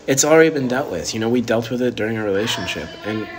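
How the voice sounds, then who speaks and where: A man's voice: medium pitch, fast. A young man talking casually on a livestream, rambling with lots of fillers. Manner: relaxed, rambling, many fillers. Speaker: streamer.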